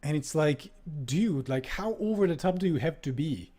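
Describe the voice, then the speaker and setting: A man's voice: a little high, animated, moderate pace, few pauses, dark tone. A man streaming, reading a book aloud and commenting on it in a casual tone, with lots of swearing and laughter.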